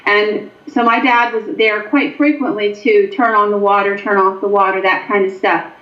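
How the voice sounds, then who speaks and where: A woman from Pennsylvania, a paranormal investigator, telling stories as an interview guest in an animated way with frequent ums. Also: mid-range voice, moderate pace. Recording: echoey, dull lo-fi sound.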